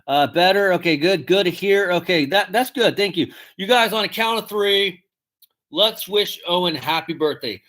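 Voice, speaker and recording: A man's voice: sits high, moderate pace, fairly bright tone. A man hosting a live podcast stream, rambling casually, swearing and reading out chat comments. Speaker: podcast host.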